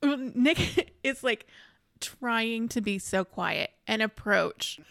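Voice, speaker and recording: A woman's voice: a little high, slow pace, vocal fry, no room sound. A woman co-hosting a podcast, animatedly retelling a book's plot in casual chat. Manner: animated retelling with acted quotes and laughter. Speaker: podcast co-host. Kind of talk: casual book discussion.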